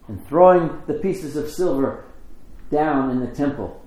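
Expressive man reading scripture in church. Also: on the high side, unhurried, roomy sound, low-quality recording. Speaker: scripture reader.

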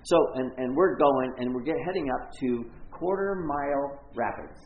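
A man's voice: medium pitch, expressive, normal speed, slight background noise. A man preaching, telling a rambling, self-mocking story full of stops and restarts. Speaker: pastor. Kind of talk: storytelling sermon. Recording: echoey, muffled room recording.

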